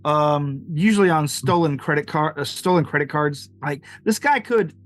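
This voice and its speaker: A man's voice: fairly high pitch, moderate pace. A man narrating a tabletop game as game master, rambling with many fillers and laughs. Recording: dry sound with faint music.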